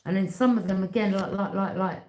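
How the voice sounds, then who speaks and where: A woman's voice: medium pitch, steady tone, a little fast, a little mellow. A woman giving a casual tarot reading, talking bluntly and with emphasis, repeating herself and speaking straight to the viewer. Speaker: tarot reader. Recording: echoey room.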